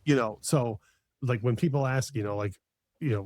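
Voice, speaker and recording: A man's voice: medium pitch, fairly quick, darkish tone, no room sound. A middle-aged man chatting casually as a podcast host, enthusiastic and rambling with many fillers and restarts. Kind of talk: casual chat.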